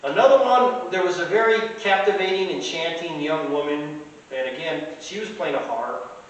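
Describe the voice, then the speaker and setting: A man's voice: a little high, moderate pace. Rambling man in an echoey room. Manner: rambling, with frequent fillers and restarts. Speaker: podcast host. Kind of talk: casual anecdotal storytelling. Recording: very echoey room, mic at a distance, faint hiss.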